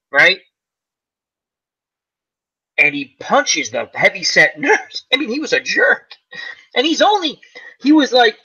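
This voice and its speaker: A man hosting a casual chat about old comedy movies, animated and laughing as he acts out lines. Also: fairly high pitch, husky, rough recording. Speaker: channel host.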